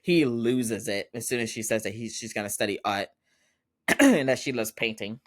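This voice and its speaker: A man's voice: medium pitch, expressive, normal speed, no room sound, studio quality. A man hosting a podcast, recapping a drama episode in a chatty way, laughing often and acting out the characters' lines. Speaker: podcast host.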